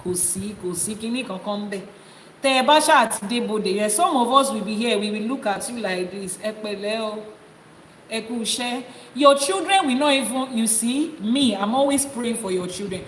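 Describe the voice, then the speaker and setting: A woman's voice: a little high, animated, a little fast. A Nigerian woman with a Yoruba accent, an Ifa priestess and teacher giving a live-streamed teaching and answering viewers' comments. She talks in a forthright, scolding way and switches between English and Yoruba. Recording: roomy echo with long reverb, faint noise.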